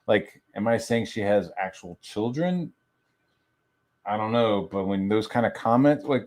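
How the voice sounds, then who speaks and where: A man's voice: fairly low pitch, lively intonation, fairly quick, darkish tone. Foul-mouthed rambling young man. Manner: crude, rambling, heavy swearing. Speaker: stream guest. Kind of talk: profane ranting stream talk.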